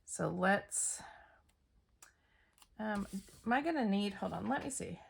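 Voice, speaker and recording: Here a middle-aged woman narrates her scrapbooking process casually, laughing at herself and thinking out loud as she goes. Her mid-range voice is expressive and slow, with vocal fry and a breathy edge.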